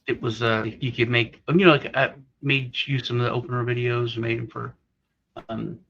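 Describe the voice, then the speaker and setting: A man's voice: mid-range voice, flat delivery, moderate pace, vocal fry, fairly bright tone, slight background noise. A man co-hosting a casual chat, rambling through a story and acting out the other people's lines. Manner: rambling storyteller, acts out quoted voices. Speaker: co-host. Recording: slightly dull lo-fi audio.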